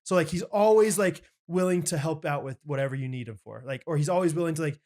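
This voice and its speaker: A man's voice: fairly high pitch, fast, few pauses, darkish tone. Rambling, earnest young man co-hosting. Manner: earnest, rambling, many filler "like"s. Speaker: podcast co-host. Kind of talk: casual chat.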